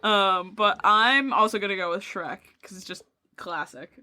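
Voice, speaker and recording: A woman co-hosting a podcast in casual chat, relaxed and easygoing. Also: medium pitch, normal speed. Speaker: podcast co-host.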